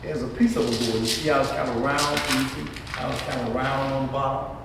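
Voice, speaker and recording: A man leading a children's music lesson, asking questions and waiting for answers, sometimes spelling words out slowly. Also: mid-range voice, little pitch movement, gravelly, very noisy. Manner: questions and call-and-response. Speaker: music teacher. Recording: echoey hall, far mic.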